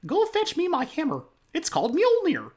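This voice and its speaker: A man voicing a cartoon mouse playing a boastful thunder god, in a squeaky falsetto with a giddy, exclamatory manner. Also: huge pitch swings, moderate pace, a little mellow, exaggerated voice. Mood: bossy.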